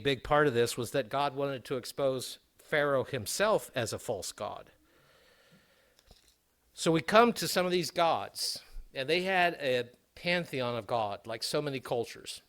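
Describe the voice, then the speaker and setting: A man's voice: mid-range voice, fairly bright tone. A middle-aged man preaching a sermon, reading scripture aloud and adding conversational asides. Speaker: pastor.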